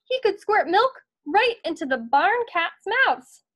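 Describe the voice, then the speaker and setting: A woman's voice: very high-pitched, big pitch swings, slow, fairly bright tone. A woman teacher reading a picture book aloud to her students in an encouraging, storytelling manner.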